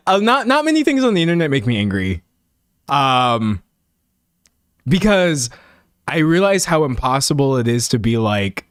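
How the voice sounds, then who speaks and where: A young man in casual reaction commentary, talking in quick emphatic bursts as he reacts to clips. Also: medium pitch, dry recording, studio quality. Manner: animated, talks fast in bursts, emphatic.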